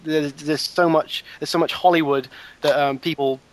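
A man's voice: a little high, steady tone, moderate pace. A man in his twenties from the southwest of England with a southern English accent, chatting as a guest, rambling with many restarts and fillers. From Wiltshire, England. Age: 20s. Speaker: guest animator. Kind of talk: casual conversational interview.

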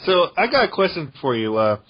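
A man's voice: on the high side, very animated, fairly quick, breathy edge, muffled recording. A man hosting a casual podcast, asking questions in a hesitant way with lots of fillers. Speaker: podcast host.

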